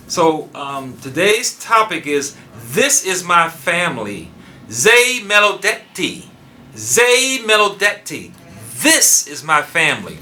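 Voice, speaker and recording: A man preaching a sermon emphatically, dropping into low quiet asides and stressing single words hard. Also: slight background noise.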